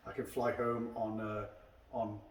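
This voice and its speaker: A man's voice: on the low side, little pitch movement, unhurried, slight background noise. A man hosting a casual podcast chat over a beer, telling long anecdotes and acting out what others said. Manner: long rambling anecdotes, acting out quoted dialogue. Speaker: karate instructor and podcast host. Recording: echoey room, mic at a distance.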